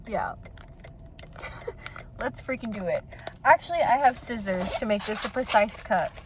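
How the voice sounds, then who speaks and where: Sitting in a car, a young woman who is a vlogger and artist talks casually to camera about her art and market finds, chatty and giggly. Her mid-range voice moves at a measured pace over a noisy background.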